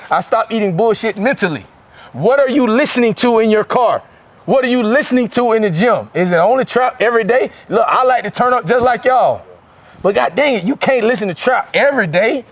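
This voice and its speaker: A man's voice: high-pitched, dry recording. A man in his forties from Florida, giving an emphatic motivational speech to a football team, mixing rhymes and street slang. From Florida, USA. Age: 40s.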